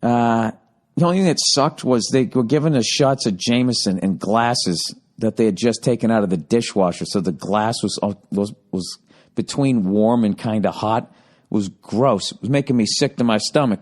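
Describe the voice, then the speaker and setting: A man's voice: on the low side, normal speed. A man hosting a podcast, telling a comedic story in a profane, ranting way. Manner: profane, ranting, heavy swearing. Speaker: podcast host.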